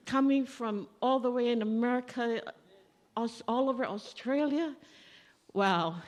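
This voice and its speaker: A woman giving a eulogy for her father at a family funeral service, telling stories conversationally and acting out remembered dialogue. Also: fairly high pitch. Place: church. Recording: long reverb of a church hall.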